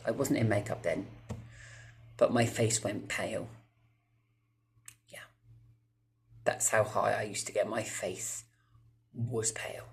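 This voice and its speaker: A man's voice: on the low side, slight background noise. A man, telling a rambling storytime to his viewers, swearing freely and breaking off into asides. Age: 30s. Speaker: vlogger. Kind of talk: casual storytime monologue.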